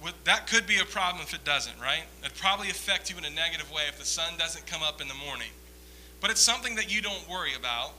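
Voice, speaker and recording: A man's voice: a little high, lively intonation, quick pace, bright, forceful tone, slight background noise, rough recording. A man giving a conversational sermon as a pastor, rambling through self-deprecating stories with humor.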